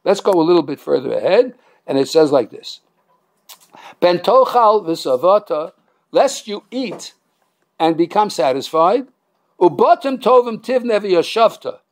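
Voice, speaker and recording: High, gravelly-voiced joking rabbi. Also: male voice, measured pace. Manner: joking, animated, many restarts and fillers. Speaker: rabbi teaching a class. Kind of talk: Torah class lecture with humor.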